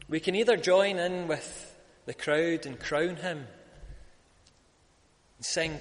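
A man's voice: fairly high pitch, slow pace. Man, preacher, sermon, emphatic build-ups, long church reverb. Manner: rises to loud emphatic peaks when quoting crowds.

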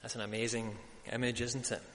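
A man preaching a sermon, building to loud, emphatic peaks when he quotes a crowd. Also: medium pitch, little pitch movement, a little fast, big-room sound, a little hiss or hum. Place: church.

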